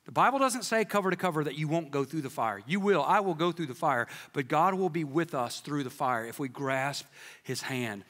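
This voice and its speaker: A man preaching a sermon as pastor, telling stories in an animated, joking way with playful quoted voices, in a church sanctuary. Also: on the high side, a little fast, in a large hall.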